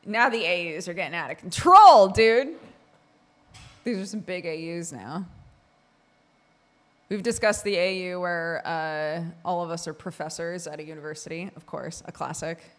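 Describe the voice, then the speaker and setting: A woman from Oregon talking casually on a stream, her voice a little on the low side. She rambles in a loose, chatty way, full of fillers and easy laughter. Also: moderate pace, a bit bright. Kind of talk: casual chat with chat.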